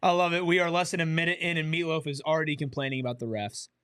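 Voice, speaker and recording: A man hosting a live game watch-along, reacting to plays and reading viewer chat aloud with excitable energy. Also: on the high side, quick pace, clean tone, no room sound, studio quality. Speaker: watch-along show host.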